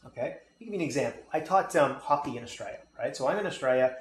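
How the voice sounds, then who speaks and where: A man's voice: mid-range voice, lively intonation, quick pace. A man coaching on sales, talking emphatically and often checking in with "okay?" and "right?". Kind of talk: instructional talk on selling. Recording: echoey room with faint noise.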